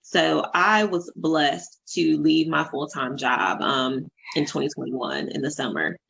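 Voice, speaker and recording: A woman in her thirties hosts a casual podcast, her voice a little low and husky. She tells stories effusively, her pitch swinging widely, with plenty of "you know" and "like". The audio is dull and lo-fi, as over a remote call. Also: lively intonation, unhurried. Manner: warm, effusive storytelling with many fillers. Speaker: podcast host and life coach.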